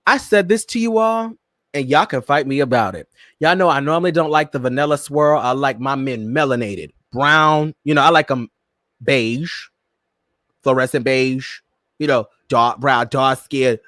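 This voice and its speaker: A sassy, campy man hosting a pop-culture chat show, his voice swooping high and low as he teases his listeners. He sits close to the mic in a dry, dead room. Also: dry recording. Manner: sassy, campy, animated, addresses listeners as "girl" and "Miss Thing". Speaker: podcast host. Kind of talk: casual pop-culture commentary.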